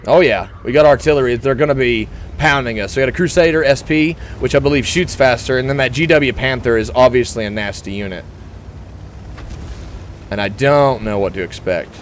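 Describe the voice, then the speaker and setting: A young man commenting on his own tank gameplay in a put-on gruff voice, excitable and quick to whoop and laugh. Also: mid-range voice, a little hiss or hum. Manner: talks in a put-on gruff tanker voice. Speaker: gaming YouTuber.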